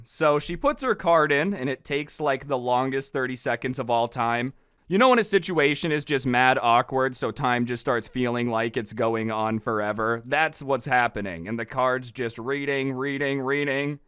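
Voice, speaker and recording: Sarcastic storytime guy, smooth voice. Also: mid-range voice, moderate pace, a bit bright, no echo, clean studio sound. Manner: sarcastic, conversational. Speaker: storytime narrator. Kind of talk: casual storytime narration.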